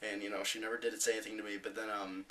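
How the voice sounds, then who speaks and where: A teenage boy vlogging, casually telling a story with rambling fillers and animated retellings. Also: lowish voice, racing, far from the mic, slight background noise, low-quality recording.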